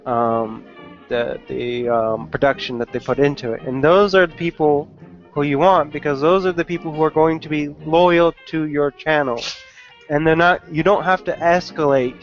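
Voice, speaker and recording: Measured man explaining at length. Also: fairly high pitch, fairly even intonation, faint music behind. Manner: measured, explanatory, thinking aloud with fillers. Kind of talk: casual group chat. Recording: dull lo-fi online call audio.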